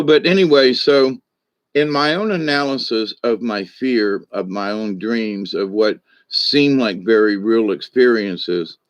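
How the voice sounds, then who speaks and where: A man's voice: mid-range voice, dry recording. A man in his sixties, a spiritual teacher, talking through his thoughts in a reflective monologue with frequent restarts and asides. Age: 60s.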